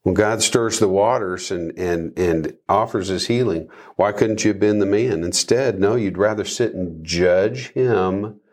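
A man's voice: on the low side, measured pace, hardly any pauses, darkish tone. A man in a casual faith discussion, pressing his points with rising rhetorical questions. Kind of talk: conversational faith talk.

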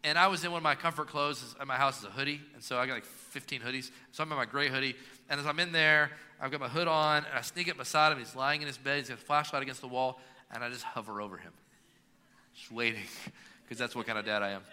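A man in his thirties preaching a sermon as pastor, swinging between emphatic, rising lines and quiet, low ones. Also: fast talker, smooth. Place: church sanctuary. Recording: long reverb of a church hall.

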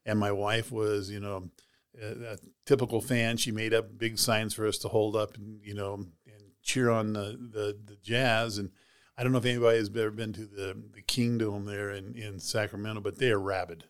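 A man's voice: lowish voice, level tone, normal speed, clean tone. A man, a heart transplant recipient, casually retelling a personal story in an interview, rambling with many "you know"s and "she goes".

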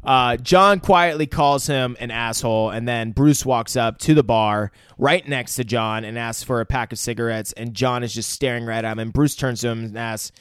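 A man's voice: medium pitch, normal speed, hardly any pauses, a bit bright, clean tone, dry recording. A man co-hosting a podcast, recapping a film in casual, crude, joking chat and acting out lines. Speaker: podcast co-host.

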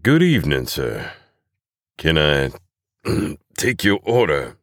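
Patient, deep-voiced barkeep, read by a male storyteller, measured, dry close sound. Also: animated, fairly bright tone, dry recording, full character voice. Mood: careful. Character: hospitable middle-aged male barkeep, careful and wise.

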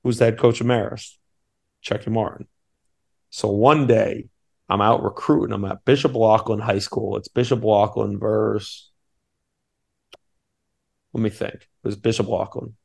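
Gravelly low-voiced man telling stories. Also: steady tone, unhurried, long pauses, darkish tone. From Maine, USA. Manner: eager, rambling, many restarts. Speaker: assistant basketball coach. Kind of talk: casual podcast storytelling.

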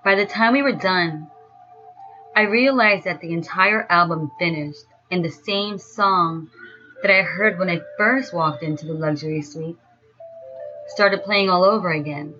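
A woman telling a first-person story in a slow, dreamy way. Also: lowish voice, pushed and bright. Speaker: narrator. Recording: dull lo-fi sound with faint music.

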